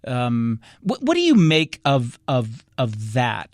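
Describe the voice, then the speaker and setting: A man's voice: mid-range voice, huge pitch swings, takes it slowly, dry recording. A man interviewing a guest on public radio, asking long searching questions with many fillers and restarts. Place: radio studio.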